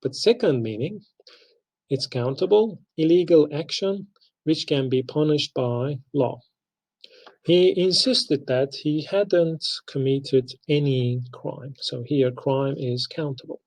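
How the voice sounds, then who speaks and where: Male instructor, unhurried lecture delivery, creaky gravelly tone. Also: a little high, a little mellow, low-quality recording. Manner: slow, deliberate, spells out pronunciations. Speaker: English language instructor. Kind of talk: recorded lecture.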